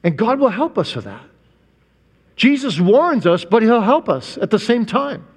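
A man preaching a sermon, emphatic, with rhetorical questions and stressed, drawn-out words. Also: high voice, big pitch swings. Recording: long hall reverb.

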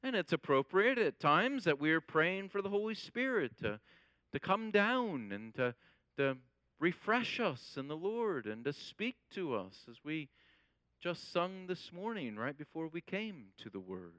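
A man preaching a sermon as pastor, in a measured way and quoting scripture. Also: a little high, sing-song, sharp tone, no echo.

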